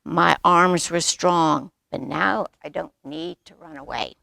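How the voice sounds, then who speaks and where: A woman voicing an old, patient and wise grandfather bear who speaks calmly. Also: deep voice, vocal fry, no echo, exaggerated voice. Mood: proud. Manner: calm, unhurried, self-satisfied.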